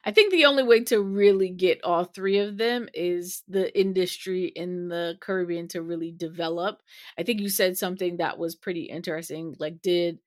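A woman co-hosting a podcast, asking questions in a thoughtful, halting way with many pauses. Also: fairly low pitch, fairly even intonation, no room sound, clean studio sound. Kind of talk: casual interview discussion.

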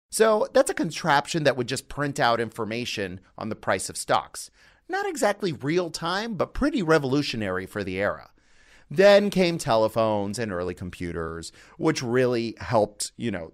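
A man hosting a podcast, reading a scripted opening in a conversational way with playful asides. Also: medium pitch. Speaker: podcast host.

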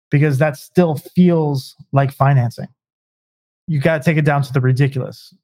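A man's voice: a little high, a little mellow, dry recording. A man giving emphatic business advice in a podcast conversation, often tagging points with rhetorical questions. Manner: emphatic, rhetorical "right?" asides. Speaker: home service business consultant.

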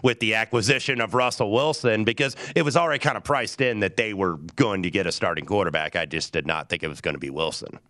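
Low-voiced, measured male sports analyst. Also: bright, forceful tone, dry recording, clean studio sound. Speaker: sports betting show co-host.

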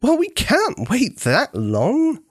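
Man voicing a calm practical mum, gentle explaining tone, lifted lively voice, dry close sound. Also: very high-pitched, takes it slowly, breathy edge, dry recording, voice pushed up, full character voice. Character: calm practical young mother.

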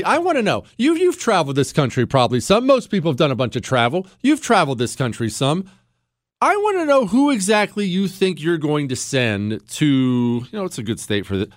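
A man's voice: a little high, dry recording, studio quality. A middle-aged man hosting a podcast, delivering a heated, indignant commentary monologue full of rhetorical questions. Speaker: podcast host.

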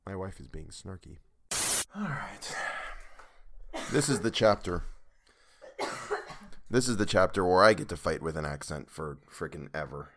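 A man's voice: low voice, expressive, a little slow, long pauses, a bit bright. Guy recording an audiobook at home, cursing his flubs, voice jumps all over. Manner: exasperated, swearing at his own flubs. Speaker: audiobook co-narrator. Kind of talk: reading aloud and bantering between takes.

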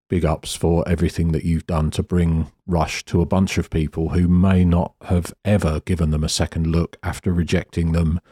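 A British man telling a lively, self-deprecating story as a guest photographer in a casual interview. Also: low-pitched, husky. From Britain. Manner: animated, self-deprecating, acts out quotes.

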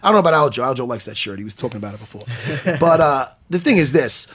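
A man in his forties hosting a casual chat, loud, profane and excitable, telling stories in fast bursts. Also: mid-range voice, husky. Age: 40s. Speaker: host.

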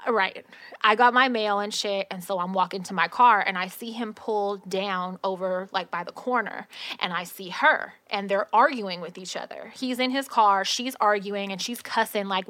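A woman telling a story in casual chat, animated and slangy, swearing freely. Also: medium pitch, normal speed, dry recording.

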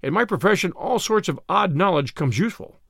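A man giving voice to a shrewd detective, polite and probing, never hurried. The tone is gravelly and fairly high with lively turns, recorded dry and close. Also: no room sound, heavily acted. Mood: courteous. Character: calm, shrewd male detective, courteous.

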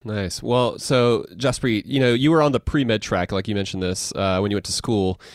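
A man's voice: on the low side, normal speed, dry recording, studio quality. A man hosting a podcast, asking long rambling questions full of fillers. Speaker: podcast host. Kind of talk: interview questions.

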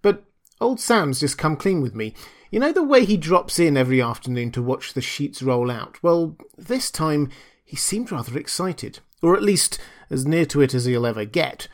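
A man's voice: fairly high pitch, expressive, normal speed. A man voicing Chuck, a nervous and urgent young computer engineer, in an audiobook reading. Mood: uneasy.

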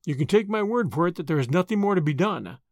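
A man reading the part of a grave, kindly older lawyer who speaks in a measured way. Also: high voice, lively intonation, darkish tone, dry recording, clean studio sound. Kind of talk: audiobook character reading.

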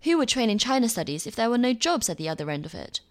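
A woman reading her own opinion column aloud with a wry, lively delivery. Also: a little high, fast.

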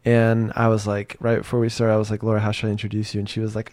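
A man's voice: on the low side, monotone, rapid-fire, darkish tone, no echo. A man hosting a podcast, chatting casually with a friend, joking and often mocking himself. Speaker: podcast host.

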